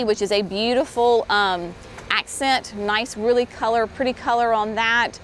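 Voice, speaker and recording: A woman's voice: a little high, fairly bright tone, a little hiss or hum. A woman hosting a casual walkthrough of a plant nursery, chatty and enthusiastic, saying "y'all". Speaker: garden center host.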